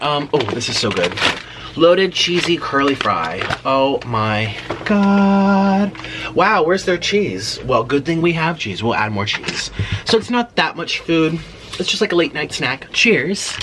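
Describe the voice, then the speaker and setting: A man's voice: fairly high pitch, background noise. Chatty man eating on camera. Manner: chatty, chewing and eating between words. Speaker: mukbang host. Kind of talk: casual eating chat to camera. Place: home, late at night.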